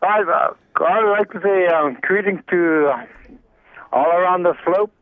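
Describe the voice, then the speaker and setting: A man from Alaska calling a radio show to send greetings, slowly listing names with halting fillers. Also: high voice, no room sound. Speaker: caller. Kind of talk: call-in greetings. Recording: tinny phone line.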